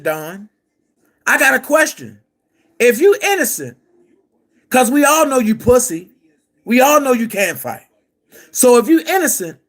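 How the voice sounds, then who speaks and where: A man's voice: extremely high pitch, fairly bright tone. A man delivering heated commentary, calling out his target directly and reading passages from an article aloud.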